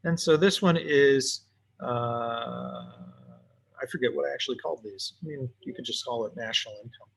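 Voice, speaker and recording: Man, teacher, relaxed recorded lesson, thinks aloud, mid-pitched voice, computer mic. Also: moderate pace, vocal fry, slightly rough. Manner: casual, talks to himself while drawing. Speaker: economics teacher. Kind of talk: recorded lesson while sketching graphs.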